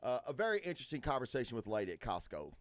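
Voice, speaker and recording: This podcast host speaks very fast in a sing-song, medium-pitched voice, recorded on a studio microphone without echo. Loud and foul-mouthed, he rambles through stories stuffed with fillers.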